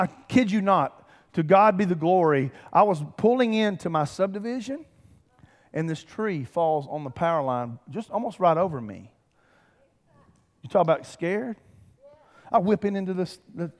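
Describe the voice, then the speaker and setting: A man preaches from the pulpit in a fairly high voice, rising into emphatic swells and turning to the congregation with direct calls. His voice carries a long reverb from the large sanctuary around him. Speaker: pastor. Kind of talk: sermon. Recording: long reverb of a big hall.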